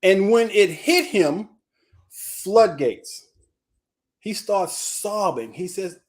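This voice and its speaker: A man who is addressed as coach tells a story in a live group discussion. His voice sits somewhat high and swings up and down a lot as he builds the story. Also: animated, takes it slowly.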